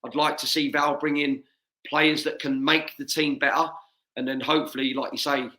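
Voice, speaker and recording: A middle-aged English man with a Watford-area accent, chatting casually as a guest on a video call, full of matey banter. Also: mid-range voice. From England. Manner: warm, laughs often, matey banter. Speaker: guest, former footballer. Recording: echoey room.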